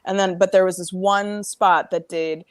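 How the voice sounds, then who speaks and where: A woman's voice: lowish voice, steady tone, normal speed, no echo, clean studio sound. A woman chatting as a guest, rambling with lots of fillers and restarts. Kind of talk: casual chat.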